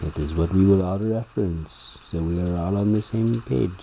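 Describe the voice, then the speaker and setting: A man giving a slow, deliberate philosophical monologue, repeating words for emphasis. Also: deep voice, creaky, warm tone, a little hiss or hum, rough recording.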